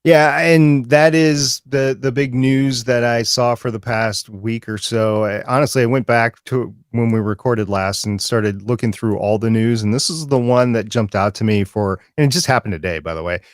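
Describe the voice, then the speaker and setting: A man's voice: mid-range voice, moderate pace, few pauses, dry recording, clean studio sound. A man co-hosting a live podcast chat, explaining news in a wry, casual way. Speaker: podcast co-host.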